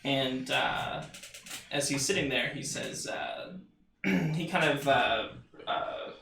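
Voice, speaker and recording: A man narrating as game master in a tabletop game, halting with many fillers. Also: mid-range voice, gravelly, sharp tone. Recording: roomy room, distant mic, music behind.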